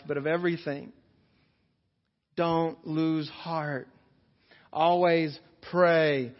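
Pastor guy preaching earnestly in a church hall, slightly high voice, kinda dull lo-fi sound. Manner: earnest preaching, slowing for emphasis on key phrases. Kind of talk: sermon.

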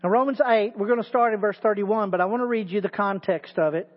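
A teaching pastor with a very high voice preaches a sermon at a quick pace, building emphasis by hammering repeated words. The audio is muffled, and long reverb trails each phrase.

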